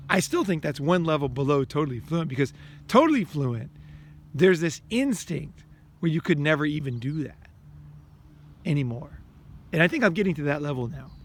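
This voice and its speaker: A man with a slightly high voice delivers a casual monologue straight to his viewers. He is blunt and emphatic and swears freely. He rambles and restarts his sentences often. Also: animated, moderate pace, a little hiss or hum. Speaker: vlogger.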